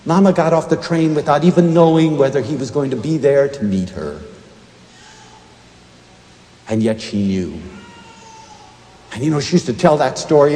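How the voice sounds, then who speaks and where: Male inspirational lecturer, mellow tone, very animated pitch, long hall reverb. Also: moderate pace, long pauses, a little hiss or hum. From United States. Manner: emotional and expressive, swinging between hushed and emphatic. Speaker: university lecturer and inspirational speaker. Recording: echoey lecture hall recording.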